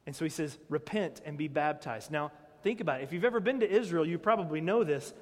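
Speaking fast, the high-voiced pastor keeps his sermon lively and conversational, constantly asking the congregation direct questions. A long reverb from the church hall trails his words.

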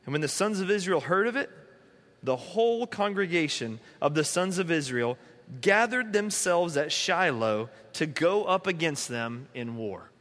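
A man's voice: a little high, animated, measured pace, fairly bright tone. A man preaching a sermon in an earnest, conversational way, pleading at times. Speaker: pastor. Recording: long hall reverb.

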